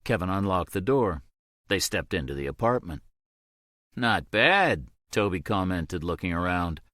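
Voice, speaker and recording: A man narrating an audiobook in a steady, measured way. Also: low voice, dry recording, studio quality.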